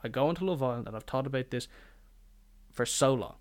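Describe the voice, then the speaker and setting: Young man, podcast host, smooth resonant voice, rambling and jokey, swears freely. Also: mid-range voice, fairly quick. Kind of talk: casual podcast monologue.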